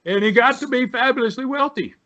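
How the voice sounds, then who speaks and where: A man's voice: very high-pitched, a little fast, sharp tone. A man, a retired wrestler telling rambling, salty stories in an interview. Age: 70s. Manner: folksy, rambling storyteller with salty language. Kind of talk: storytelling interview. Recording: dull lo-fi sound.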